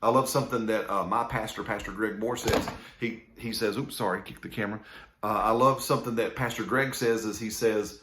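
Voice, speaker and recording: A man's voice: fairly low pitch, steady tone, fairly quick, a bit bright, echoey room, slight background noise. A man teaching from the Bible, reading scripture aloud and checking in with "right?". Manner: conversational, reads scripture aloud, frequent "right?" asides. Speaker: minister. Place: indoor room filmed on a camera.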